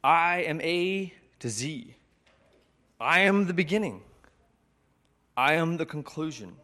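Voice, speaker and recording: A pastor voicing Jesus, gentle and sweet. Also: male voice, a little high, expressive, pitched above the performer's own voice, exaggerated voice. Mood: tender. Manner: slow, tender, sweet.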